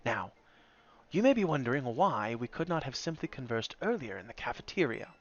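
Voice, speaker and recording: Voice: mid-range voice, very animated, fairly quick. A man voicing a formal, pompous school principal who talks in long, overly polite sentences, in a slightly muffled recording with faint game music behind.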